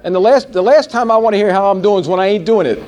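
Folksy sales trainer, man in his forties, fairly high voice, lively and conversational with the room. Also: quick pace. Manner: animated, folksy, quizzes the audience. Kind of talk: seminar talk to a live audience.

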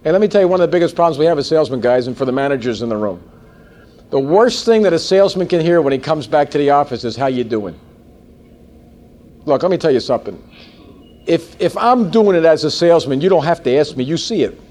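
Speaking fast in a slightly high voice, a man in his forties runs a live sales training seminar. He's folksy and animated, and he keeps putting questions to the audience.

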